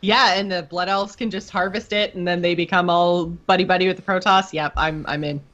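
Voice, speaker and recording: A woman's voice: fairly low pitch, fairly even intonation, brisk, fairly bright tone. A woman co-hosting a podcast, chatting about a game in a giggly, talkative way full of likes and ums. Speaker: podcast co-host. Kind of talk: casual gaming chat. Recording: dull lo-fi sound.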